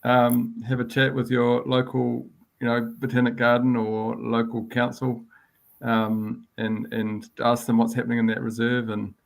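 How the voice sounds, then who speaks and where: A man's voice: medium pitch, monotone, a little slow, vocal fry. A man giving encouraging advice as a panelist, with lots of fillers. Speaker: conservation panelist. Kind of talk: casual advice.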